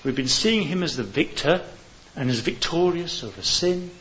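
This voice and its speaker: A man's voice: fairly high pitch, animated, normal speed, crowd noise. A man preaching an evangelistic sermon in an earnest way, building to fervent appeals. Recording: dull hissy recording.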